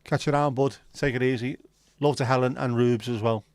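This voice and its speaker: A man with a mid-range voice and fairly even intonation hosts a livestream, trading swear-filled banter with his viewers in casual chat. He talks a little fast, and the recording is dry.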